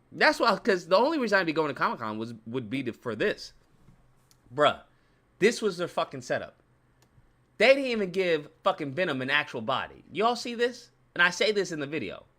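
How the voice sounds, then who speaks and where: A man giving ranting video commentary, profane and animated, repeating his points for emphasis. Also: sits high. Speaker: YouTube commentator.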